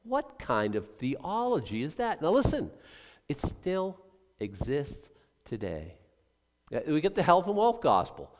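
Animated older man preaching in a hall. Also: fairly high pitch, measured pace. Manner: emphatic, acts out quoted voices, many restarts. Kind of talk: sermon. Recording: long reverb of a large hall.

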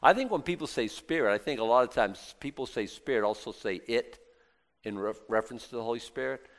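A man preaching a conversational Bible sermon. He reads scripture, breaks off into casual, joking asides and puts rhetorical questions to his listeners. His voice sits at a middle pitch and swings between loud and hushed. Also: lively intonation, brisk.

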